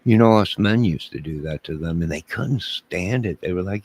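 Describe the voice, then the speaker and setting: A man's voice: sits low, lively intonation, moderate pace, a little mellow, breathy edge. A man livestreaming, joking with his chat in a mock-indignant way and talking back to viewers.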